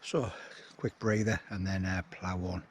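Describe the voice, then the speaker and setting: A middle-aged man, chatting to camera on a mountain path, self-mocking and a little out of breath, often trailing off quietly. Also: low-pitched, flat delivery, a little slow. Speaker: hiking vlogger. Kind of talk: casual talk to camera. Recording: outdoor wind and ambience noise.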